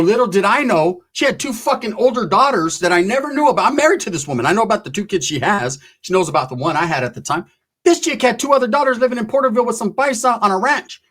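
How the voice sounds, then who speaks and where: A man's voice: high-pitched, a bit bright. A middle-aged man, telling a loose, profane story with slang and constant asides. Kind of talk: casual storytelling.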